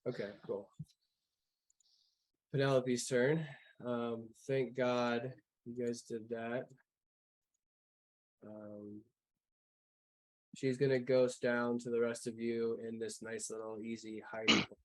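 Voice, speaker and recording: A man's voice: medium pitch, little pitch movement, takes it slowly, long pauses, rough recording. A man running a tabletop game as game master, talking in a loose, rambling way with casual swearing.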